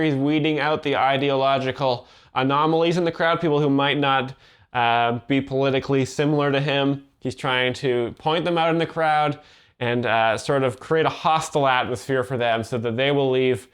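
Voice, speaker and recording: A young man explains comedy bits in a flat, mock-serious commentary, delivering absurd statements as if they were sensible advice. His voice is smooth and clean, sitting at an ordinary male pitch. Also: normal speed. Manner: deadpan, mock-earnest, sarcastic. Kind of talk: deadpan ironic commentary.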